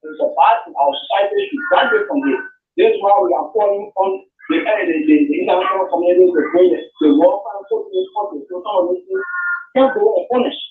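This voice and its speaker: A man with a Liberian English accent calling into a radio show, halting and repeating words as he makes his point. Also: high voice, wildly swooping pitch. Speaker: caller. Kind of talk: call-in radio comment. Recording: tinny distant phone line, echoey.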